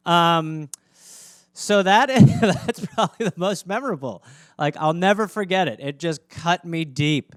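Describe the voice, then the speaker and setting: A man with a high, smooth and clear voice tells a funny story in a relaxed, chatty way. He hosts a podcast and brings his story to life with lively delivery. The sound is close and completely dry. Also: moderate pace, no echo. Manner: animated, acts out quoted lines in squeals. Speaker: podcast host. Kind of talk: casual comedic storytelling.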